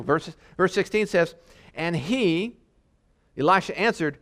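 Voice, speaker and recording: Man, preacher, sermon, fairly high voice, exhorting, repeats words. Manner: exhorting, repeats words, reads scripture slowly.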